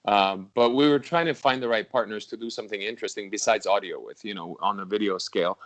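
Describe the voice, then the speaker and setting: A man hosting a casual chat, a musician, reminiscing in a relaxed, loose and profane way. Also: on the low side, fast talker. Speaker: musician and host. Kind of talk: casual conversation.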